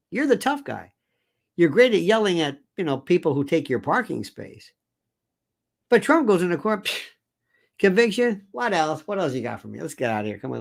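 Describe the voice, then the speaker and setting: An older man hosting an opinion commentary monologue, sarcastic and digressive in his delivery. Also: high voice. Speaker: commentary host.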